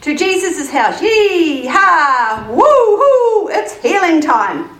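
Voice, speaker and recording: A woman voicing a group of excited, cheering grown men, whooping loudly and high-spirited. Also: measured pace. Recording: roomy, distant mic.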